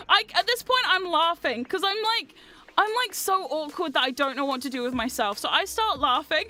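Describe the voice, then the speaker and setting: A young woman hosting a livestream, telling a long story in a rambling, excitable way with frequent laughs and swearing. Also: high voice, brisk. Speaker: livestream host. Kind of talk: casual storytelling chat.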